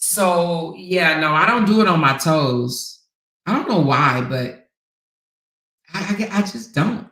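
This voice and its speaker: A woman hosting a casual livestream, telling stories and reading viewer comments in an animated, sassy way. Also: deep voice, takes it slowly. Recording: roomy echo.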